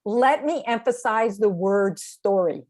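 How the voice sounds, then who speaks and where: A woman's voice: mid-range voice, expressive, takes it slowly, darkish tone. A woman directing a speech training course over a video call, explaining assignments in an encouraging, step-by-step way. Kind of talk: online training session.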